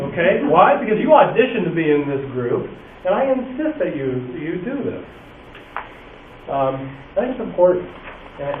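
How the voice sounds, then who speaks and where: Animated male teacher, echoey distant recording. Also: on the high side, a little hiss or hum. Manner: animated storyteller, acts out quotes. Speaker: music teacher speaking at a workshop. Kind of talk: conference talk to teachers. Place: hall or classroom at a workshop. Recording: far, echoey, tinny room recording.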